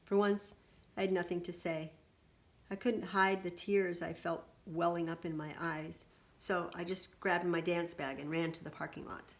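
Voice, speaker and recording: A woman reading a picture book aloud in an animated way, adding little asides to her listeners. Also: lowish voice, normal speed.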